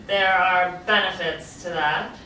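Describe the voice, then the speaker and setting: A woman in her forties reading the role of a calm, instructive Hebrew teacher in a virtual play reading, over an echoey, distant video call. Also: fairly low pitch, slow, slight background noise. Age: 40s.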